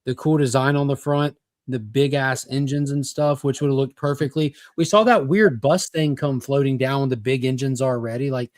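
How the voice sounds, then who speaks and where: An opinionated man on a casual pop culture panel, talking bluntly and cursing easily. His voice is mid-pitched and sits dry and close, with little room sound. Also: fairly even intonation, normal speed, no room sound. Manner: opinionated, swearing freely.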